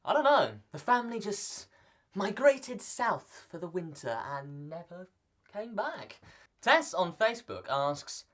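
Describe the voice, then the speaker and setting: A man's voice: high voice, big pitch swings, a little slow, fairly bright tone, heavily acted. A young man playing a vlogger who answers viewer questions in a scripted, in-character video. He talks in a playful, joking way and rambles into asides.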